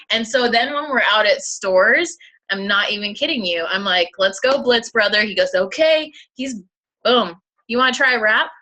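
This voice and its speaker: A woman's voice: mid-range voice, sharp tone, low-quality recording. A young woman and mother of two, co-hosting a sales team call in upbeat, chatty motivational talk, telling stories about her kids. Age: young adult. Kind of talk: casual motivational chat.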